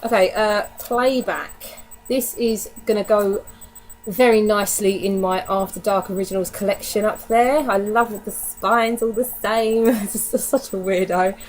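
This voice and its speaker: A woman's voice: medium pitch, steady tone, a little slow, slight background noise, low-quality recording. A woman chatting casually to camera in a DVD haul vlog, candid and given to casual swearing. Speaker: vlogger.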